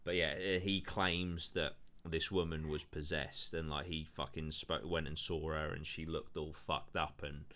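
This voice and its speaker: Guy with a real low voice but bright edge, casual sweary podcast rambling. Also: level tone, measured pace, hardly any pauses. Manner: rambling, swears a lot, many fillers. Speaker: podcast host.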